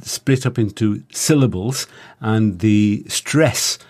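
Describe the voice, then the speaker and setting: A man's voice: on the low side, slow pace, a little mellow. A man co-hosting a casual Spanish lesson as a learner, friendly, asking questions and practicing phrases. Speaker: co-host, learner.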